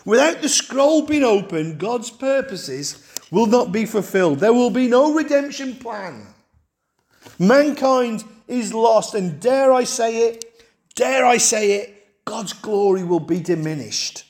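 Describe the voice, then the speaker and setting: A male preacher delivers a sermon at a slow, measured pace. His voice sits high for a man. He drives his points home with rhetorical questions and repeated phrases. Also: animated, darkish tone.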